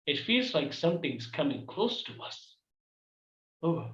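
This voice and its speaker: A man's voice: a little high, big pitch swings, a little slow, a bit bright. A man hosting an improv comedy scene over a video call, playful and dramatic as he leads the others. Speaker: improv host. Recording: echoey, dull video call audio.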